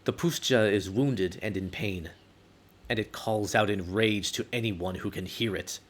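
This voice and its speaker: Slow solemn forest guardian guy, a man reading him out, low and deliberate, game story. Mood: grim. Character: calm, grave male forest guardian.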